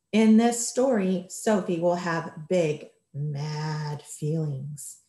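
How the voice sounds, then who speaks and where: A woman teacher giving a gentle distance-learning lesson to young children. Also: fairly low pitch, creaky, echoey room. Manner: gentle, slow, speaking to small children.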